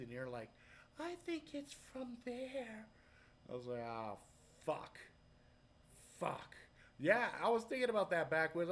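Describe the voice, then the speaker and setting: A man from Hawaii hosting a live stream, telling stories and answering chat in loud, profane, animated talk. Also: fairly high pitch, slight background noise. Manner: reads chat aloud and talks to viewers.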